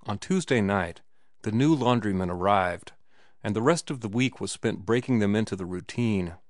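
Male audiobook narrator, low-ish, measured delivery, dry booth sound. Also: no echo. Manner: measured, phrase-by-phrase reading. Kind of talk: scripted narration.

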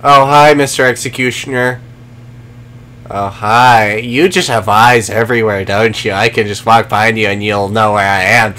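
With a fairly low, steady voice that's bright and forceful at a moderate pace, a man provides live gameplay commentary. He swears, talks sarcastically to game enemies, and chats with his audience.

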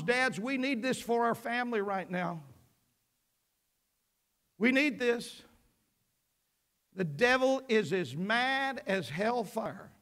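A man preaches to his church in a notably high voice. He takes his time and leans on each phrase. His fervour keeps climbing until he is shouting. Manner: fervent preaching that builds to shouts. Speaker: pastor. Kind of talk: sermon. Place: church sanctuary.

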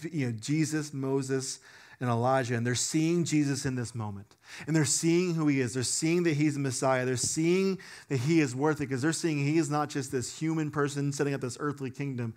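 A young man preaching a sermon in an animated, conversational way, with casual fillers. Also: mid-range voice, moderate pace. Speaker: pastor.

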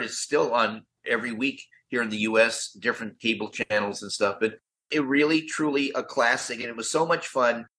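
An older man, a guest on an interview show, telling stories with lively enthusiasm. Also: mid-range voice. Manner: enthusiastic, quick-talking raconteur. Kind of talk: animated storytelling in an interview.

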